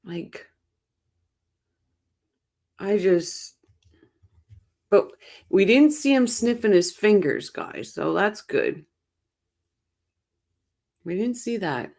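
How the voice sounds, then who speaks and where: A woman's voice: medium pitch, expressive, extremely slow, pauses often, darkish tone. A woman hosting a casual true crime stream, chatty and opinionated, talking to her chat on little sleep. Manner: chatty, opinionated, rambling with restarts. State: short on sleep. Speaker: true crime channel host. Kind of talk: casual live-stream chat reacting to chat comments.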